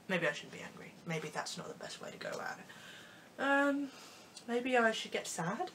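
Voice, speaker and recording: A woman's voice: on the high side, big pitch swings, moderate pace, fairly bright tone, slight background noise. A young woman vlogging in a sarcastic, rambling way, swinging between mock anger and gloom. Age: young adult. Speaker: YouTuber. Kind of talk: comedic vlog rant.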